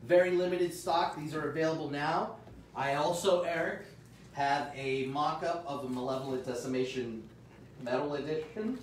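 A man's voice: fairly high pitch, normal speed, slight background noise. Upbeat man hosting a shop stream, echoey. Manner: upbeat salesman patter with loud shout-outs. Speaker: host of a comic shop livestream. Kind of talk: live sales stream chat. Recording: echoey room, mic far off.

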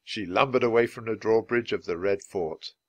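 Man reading a children's book aloud. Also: lowish voice. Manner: clear, measured, lively reading. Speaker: storybook reader.

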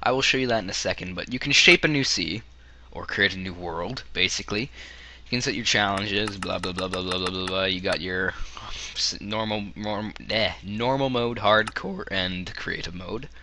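A Canadian man with a hoarse voice, half losing it, rambling through casual game commentary with joking asides. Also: fairly low pitch, normal speed, pushed and bright, slight background noise. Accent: Canadian English. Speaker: gaming video creator.

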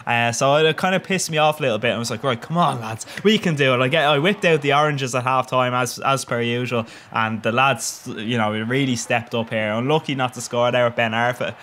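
A man's voice: medium pitch, fairly even intonation, brisk, few pauses, pushed and bright, slight background noise. Sweary young man commenting on a game. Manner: cheeky, sweary, laughs often. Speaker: gaming commentator. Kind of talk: casual gameplay commentary.

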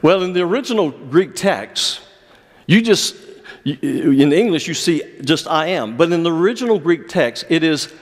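A pastor preaching an earnest sermon, with measured delivery and dramatic pauses. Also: male voice, a little high, expressive. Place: church sanctuary. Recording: long church reverb.

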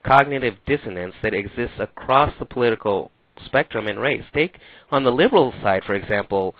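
A man's voice: medium pitch, lively intonation, fairly quick, no echo. A man being interviewed as an author, explaining his views in an articulate way. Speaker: author, guest. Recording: dry tinny phone line.

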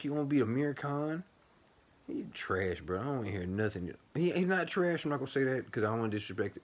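A man with a somewhat low voice hosts a boxing vlog and breaks down a fight in loose, casual talk. He vents bluntly and swears freely, with lots of animation. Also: husky. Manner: blunt, profane, animated venting. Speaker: boxing channel host.

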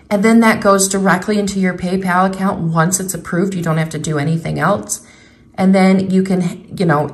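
A woman vlogger chatting casually as she goes through a shopping haul, reading out prices and rebates item by item. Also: on the low side. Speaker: couponing vlogger.

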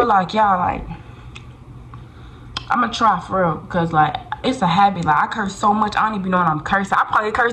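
A woman's voice: mid-range voice, sharp tone, a little hiss or hum, low-quality recording. A woman chatting casually to her phone camera in a vlog, slangy and full of fillers. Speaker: vlogger.

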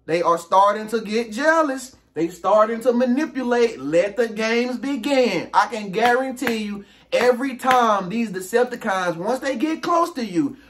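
A man's voice: extremely high pitch, expressive, a little slow, a bit bright. A man hosting his own video, giving a casual, slangy motivational monologue with emphatic rhetorical questions. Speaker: self-help video host.

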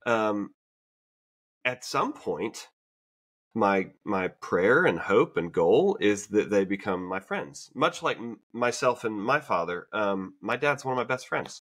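A man's voice: fairly low pitch, very animated, slow pace, a bit bright, slightly rough. A man co-hosting a podcast, talking in a casual, reflective way with many fillers and restarts. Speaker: podcast co-host. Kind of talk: casual conversation.

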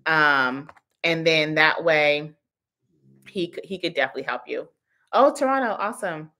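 A woman's voice: low voice, expressive, normal speed, bright, forceful tone. A woman in her thirties hosting a casual livestream Q&A as a business coach, chatty and laughing often as she answers the chat.

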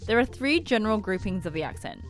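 Female narrator, scripted explainer read, even and informative, soft music under. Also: mid-range voice. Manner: clear, measured, informative.

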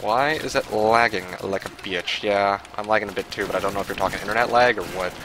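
A man giving casual live commentary while playing an online shooter, muttering, swearing and breaking into yells and laughter. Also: on the low side, fast talker, noisy background. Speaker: gaming livestreamer.

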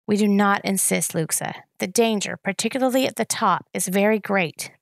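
A reluctant elder speaking slowly and carefully. A woman reading a storybook does him in a gravelly, dry voice close to her own. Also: mid-range voice, no room sound. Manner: reluctant, measured.

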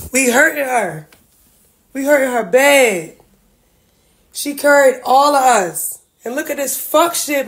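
A woman venting to her livestream viewers about family feuds, blunt, profane and heartfelt. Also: fairly high pitch. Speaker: reality-TV family member livestreaming.

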